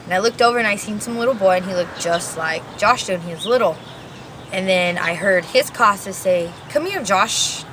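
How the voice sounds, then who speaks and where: An eighteen-year-old woman telling her story in a casual, animated interview. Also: medium pitch, a little fast, background noise. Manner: animated retelling with acted quotes, casual.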